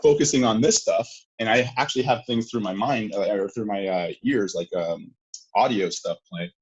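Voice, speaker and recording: A man talking casually as an interview guest, excitable and full of fillers, acting out little quotes. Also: on the low side, normal speed, breathy edge. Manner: animated, filler-heavy, acts out quotes. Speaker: sales guest. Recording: dull lo-fi sound.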